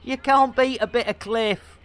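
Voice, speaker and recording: A woman's voice: a little high, fairly even intonation, unhurried, very noisy. A woman chatting playfully and giggling with viewers on a live game stream, speaking into a headset.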